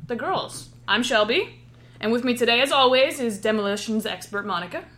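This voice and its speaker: A woman's voice: a little high, animated, a little fast, fairly bright tone. A woman hosting a casual podcast, opening the show and introducing her co-hosts in an upbeat, emcee-like way. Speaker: podcast host.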